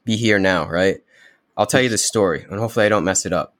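Laid-back male guest, low-pitched, relaxed spiritual chat, gropes for words. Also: quick pace. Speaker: podcast guest. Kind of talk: casual spiritual conversation.

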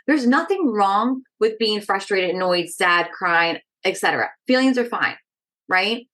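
A woman's voice: on the high side, lively intonation, moderate pace, a bit bright. A woman speaking as a stress management educator in a casual podcast interview, talking directly and energetically and often checking in with "right?".

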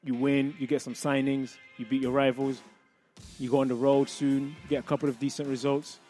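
A man in his thirties hosting a sports talk show, talking upbeat and energetic to his audience. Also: mid-range voice, moderate pace, faint music behind. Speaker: show host and former player.

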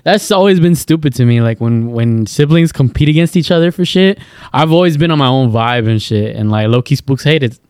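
A man's voice: medium pitch, lively intonation, fairly quick, a little mellow, clean tone, dry recording. A young man on a podcast, teasing his friends with constant swearing and laughter. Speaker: podcast co-host. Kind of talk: casual chat.

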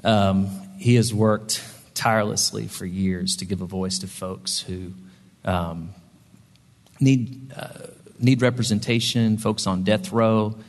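A man's voice: on the low side, fairly even intonation, slow pace, big-room sound. A man preaching a sermon, telling a story in a conversational way with frequent ums and restarts. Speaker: pastor.

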